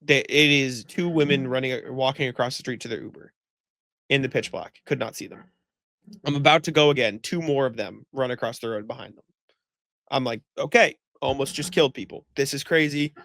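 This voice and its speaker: A man's voice: medium pitch, fairly quick, vocal fry, fairly bright tone. A man co-hosting a podcast, telling a rambling story with lots of "like" fillers and swearing, sounding exasperated. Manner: exasperated ranting. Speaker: podcast co-host. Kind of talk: casual chat.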